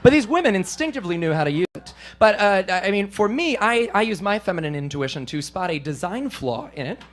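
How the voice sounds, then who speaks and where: With a high voice and a fairly quick pace, this male comic works a live club crowd, poking fun at himself energetically and frequently breaking into silly voices.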